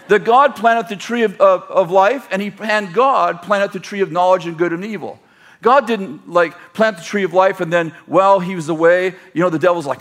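A man's voice: high-pitched, moderate pace, fairly bright tone. A male pastor preaching a sermon, rambling and correcting himself as he leads the congregation in call-and-response.

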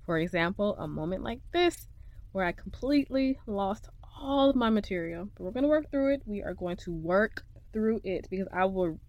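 In a makeshift home studio, a young woman hosts a podcast, venting emotionally and laughing through her frustration in a casual monologue. Her voice is fairly low in pitch.

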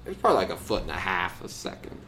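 Young male podcast host, playful and teasing, swings his pitch around, faint room hiss. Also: sing-song, fast talker, sharp tone. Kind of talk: casual chat.

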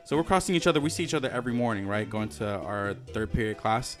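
A man's voice: mid-range voice, animated, fast talker, soft background music. A young man telling a rambling, profane story in casual podcast chat, full of fillers and restarts. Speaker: podcast co-host.

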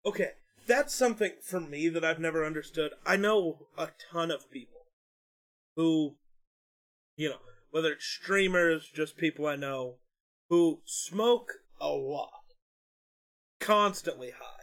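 A man's voice: fairly high pitch, measured pace, a bit bright. A young man and streamer co-hosting a podcast, chatting bluntly and swearing freely. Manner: blunt, swears freely, rants about pet peeves. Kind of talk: casual chat.

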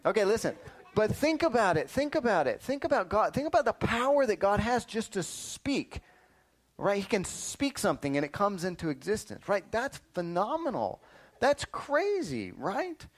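A man teaching a lively Bible lesson to children, quizzing them and often calling "listen up" to get their attention. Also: high voice, normal speed. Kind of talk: animated Sunday school lesson.

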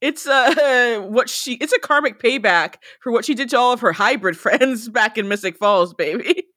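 A woman's voice: on the high side, normal speed, fairly bright tone, no echo, clean studio sound. A woman co-hosting a podcast, chatting casually and teasing with jokes. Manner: joking, teasing commentary with laughs. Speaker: podcast co-host. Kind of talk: casual recap chat.

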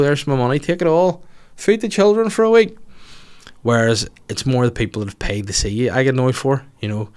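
A man, a comedian hosting his podcast, chatting casually and crudely through listener questions and swearing freely. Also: medium pitch.

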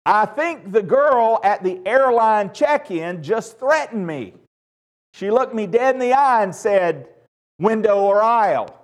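A male pastor opening his sermon at a church service by telling dad jokes, laughing at his own punchlines and turning soft and tender when he speaks of his late father. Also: sits high, lively intonation, measured pace. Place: church service with a live congregation.

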